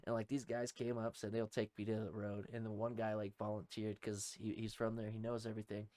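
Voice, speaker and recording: A young man co-hosting a podcast, telling a rowdy story in casual talk, swearing heavily and shouting out the lines of people in it. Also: fairly low pitch, little pitch movement, brisk, no echo. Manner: heavy swearing, acts out shouted quotes. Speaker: podcast co-host.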